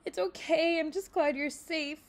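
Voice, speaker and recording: A woman voicing a caring, worried mother red fox who scolds loudly but stays kind. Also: sits high, sing-song, brisk, voice pushed up. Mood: kindly. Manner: loud, scolding yet kindly.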